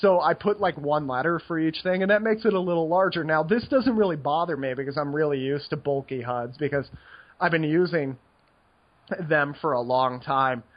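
A man's voice: on the high side, moderate pace, highs cut off. A man co-hosting a podcast and talking about poker in a casual, rambling way, laughing often and filling his talk with "like". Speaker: podcast co-host, poker player. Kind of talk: casual chat.

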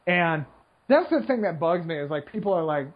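A man's voice: on the high side, very animated, fairly quick, breathy edge. A man who plays poker, talking in a casual, rambling monologue with many fillers, checking in with "right?" as he goes. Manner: rambling, filler-heavy, keeps asking "right?"; mocks complainers in whiny put-on voices. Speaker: poker player. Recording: slightly muffled lo-fi recording.

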